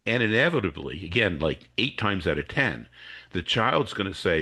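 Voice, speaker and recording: A man's voice: low voice, very animated, moderate pace, pushed and bright, breathy edge. A man, an educator and coach, explaining a technique as a podcast guest and acting out what students and teachers say. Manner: acts out students' and teachers' voices while explaining.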